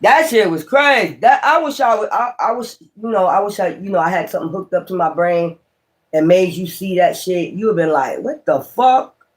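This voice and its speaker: Man, tarot reader, high-pitched, swears freely, exclaims and rambles. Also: fairly quick. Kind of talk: casual tarot reading.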